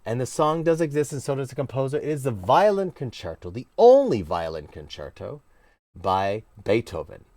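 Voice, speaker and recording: Lively, animated male cello teacher. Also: medium pitch, moderate pace, no echo, studio quality. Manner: animated, playfully emphatic teaching with sudden exclamations. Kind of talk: casual cello lesson. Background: cello playing.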